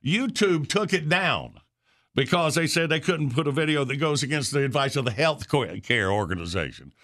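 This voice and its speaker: A man's voice: a little high, animated, moderate pace, fairly bright tone. A man hosting a morning radio show, rambling and opinionated, peppering his talk with "all right.".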